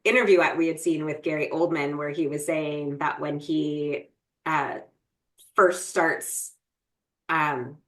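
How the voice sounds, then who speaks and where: A woman's voice: low voice, fairly even intonation, slow, fairly bright tone. A woman co-hosting a parenting podcast, explaining ideas in a thoughtful, casual way and often checking in with "right?". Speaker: podcast co-host.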